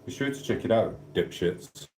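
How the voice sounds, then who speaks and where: On a live stream recorded in an echoey room, a man with a South Yorkshire accent rambles and banters cheekily with comments from viewers. His voice is on the low side and a little mellow, moving at a moderate pace, with slight hiss or hum.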